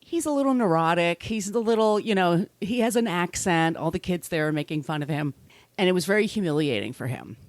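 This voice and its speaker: A woman's voice: lowish voice, expressive, fairly quick, no echo. A middle-aged woman co-hosting a podcast, telling a story in a chatty, profane way and often restarting her sentences. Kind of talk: casual storytelling chat.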